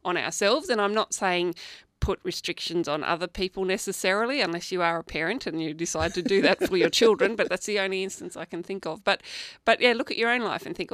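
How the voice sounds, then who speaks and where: A woman, a writer talking as a guest in a casual interview, animated and self-deprecating. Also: lowish voice.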